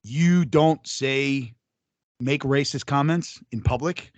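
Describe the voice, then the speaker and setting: A man's voice: medium pitch, takes it slowly, dry recording. A man co-hosting a casual podcast, speaking bluntly and swearing freely. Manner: blunt and profane. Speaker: podcast co-host.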